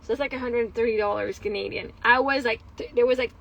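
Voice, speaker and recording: Candid, high-voiced woman venting in a vlog. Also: steady tone, fast, creaky, a bit bright, dull audio. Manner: candid, rambling and frustrated, with laughs and swearing. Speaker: vlogger. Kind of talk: casual personal vlog.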